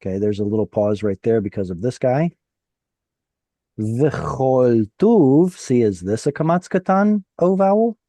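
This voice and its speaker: A man's voice: medium pitch, expressive, a little slow, dark tone, no room sound. A man teaching a Hebrew reading class over a video call, patiently explaining step by step.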